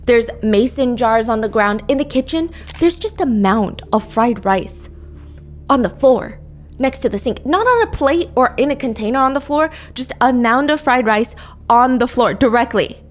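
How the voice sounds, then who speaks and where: A woman's voice: fairly high pitch, animated, moderate pace. A woman narrating a true crime story, dwelling on grisly details and reading quotes aloud.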